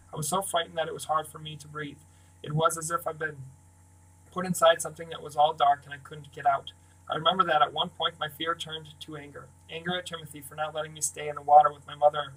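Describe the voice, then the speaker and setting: An audiobook reader narrates a novel in the first person, keeping his delivery steady. His voice sits slightly high for a man and his melody barely moves, on a rough recording.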